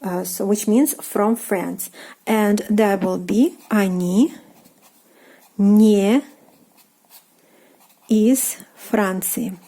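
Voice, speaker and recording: Slow, careful Russian-accented woman teacher. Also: mid-range voice, dark tone, low-quality recording. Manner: slow and careful, many ums and uhs, repeats example phrases. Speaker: language teacher. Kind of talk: lesson explaining grammar while writing.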